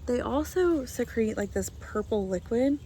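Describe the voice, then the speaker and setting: A chatty woman with a fairly high voice gives a relaxed tour of her backyard garden. She rambles, laughs often, and coos sweetly to her hen. Chickens cluck faintly in the background. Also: a little slow, a little hiss or hum. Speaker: vlogger giving a garden tour. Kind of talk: casual chat.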